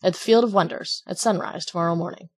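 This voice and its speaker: A woman voicing a sly male innkeeper who makes quick, glib excuses, in a husky voice. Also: fairly low pitch, a little mellow, natural voice.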